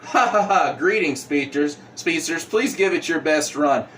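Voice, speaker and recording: A man's voice: fairly high pitch, unhurried, fairly bright tone, far from the mic, slight background noise. A man doing a cackling taunting villain. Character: cackling menacing male villain.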